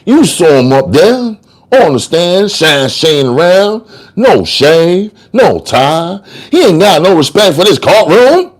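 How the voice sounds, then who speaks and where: A man's voice: fairly high pitch, wildly swooping pitch, measured pace, pauses often, full character voice. A man voicing a street-smart male trial lawyer who argues in slangy, sing-song courtroom oratory. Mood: accusing. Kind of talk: dramatic audiobook reading.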